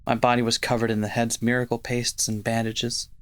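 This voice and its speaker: A man's voice: mid-range voice, brisk. Man reading game text aloud. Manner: steady first-person reading of game text. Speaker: let's play host. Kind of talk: reading visual novel narration aloud.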